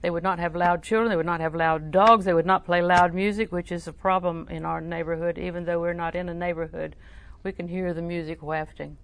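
An older woman preaching in a low, gravelly voice with plenty of fry. She tells stories in a conversational way, often softening almost to a whisper. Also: steady tone, a little fast, few pauses. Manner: conversational, soft-spoken, drops to near whisper. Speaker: Christian teacher. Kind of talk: personal storytelling sermon.

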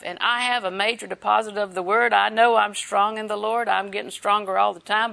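Older lady preaching, bright voice, chatty and folksy, laughs a lot. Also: medium pitch, fairly even intonation, a little fast, vocal fry, few pauses. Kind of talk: sermon.

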